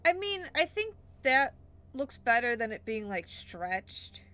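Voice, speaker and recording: A woman's voice: fairly high pitch, very animated, slow pace, sharp tone. A young woman streaming a game with a friend, chatting, laughing often and reading the chat aloud. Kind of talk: casual gaming stream chat.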